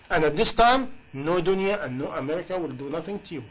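Man preaching, high-pitched voice, impassioned, rhetorical questions, English. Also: lively intonation, fast, few pauses, slightly rough, low-quality recording. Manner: impassioned, rhetorical questions, non-native grammar. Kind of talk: sermon.

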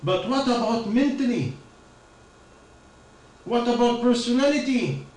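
High-voiced preacher man in echoey room. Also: a little slow, a little mellow, far from the mic. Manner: questioning, rhetorical, non-native phrasing. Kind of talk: informal religious talk.

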